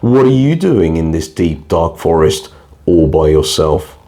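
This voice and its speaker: A man voicing a sly, smooth-talking big bad wolf in a bedtime storybook reading, with a falsely friendly, coaxing manner. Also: a bass voice, very animated, measured pace, dark tone, full character voice.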